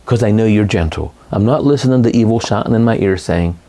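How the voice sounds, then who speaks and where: A middle-aged lay Catholic speaker gives a casual, rambling, animated talk about his faith, frequently correcting himself along the way. His voice is lowish and fast.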